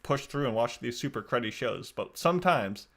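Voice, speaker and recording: A man's voice: mid-range voice, lively intonation, moderate pace, creaky, a bit bright. A man hosting a podcast in a casual, rambling, wry way, often restarting his sentences. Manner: rambling, self-correcting, wry. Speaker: podcast host.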